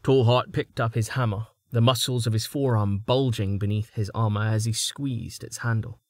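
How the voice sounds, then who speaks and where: A man narrating a fantasy audiobook in a steady, measured storytelling voice on a close mic. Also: on the low side, no room sound.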